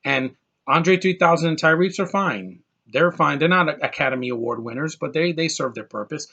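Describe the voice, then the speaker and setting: A man's voice: on the high side, normal speed, creaky, pushed and bright, dull audio. A man giving a casual, blunt film review, ranting and exasperated about what he dislikes. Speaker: movie reviewer.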